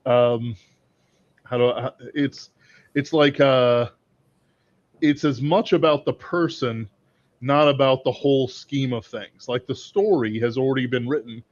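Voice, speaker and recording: A man's voice: mid-range voice, fairly even intonation. Guy on a stream, stumbles and restarts a lot, kinda muffled lo-fi audio. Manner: halting, searching for words, many restarts. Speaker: podcast co-host. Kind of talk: casual livestream discussion.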